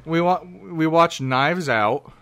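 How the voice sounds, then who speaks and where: Man, casual podcast chat, rambling storyteller, restarts a lot, slightly high voice. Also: takes it slowly, a loud crowd. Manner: rambling, self-interrupting storyteller. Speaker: podcast co-host.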